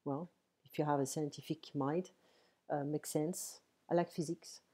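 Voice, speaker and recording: A woman with a French accent giving a relaxed online French lesson, explaining step by step and checking in with frequent "ok"s. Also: low voice. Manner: explains slowly, switching between French and English, with frequent "ok". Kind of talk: casual one-on-one French lesson. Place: home. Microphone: computer mic on an online call.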